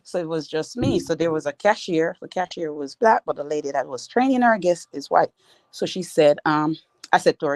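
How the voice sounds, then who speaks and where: A woman's voice: low voice, expressive, brisk, a little mellow, no room sound. A woman in her thirties, a mother, retelling an everyday story in a plain, matter-of-fact way with simple, grammar. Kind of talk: casual storytelling.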